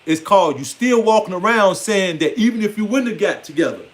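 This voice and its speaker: A man's voice: high-pitched, expressive, fairly quick. A man giving a casual, blunt, playfully scolding monologue on spirituality. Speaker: spiritual speaker.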